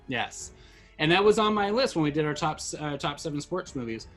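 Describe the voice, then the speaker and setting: A man's voice: fairly high pitch, expressive, brisk, fairly bright tone, soft background music. A middle-aged man co-hosting a podcast, rambling and getting emotional in casual chat, full of restarts. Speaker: podcast co-host.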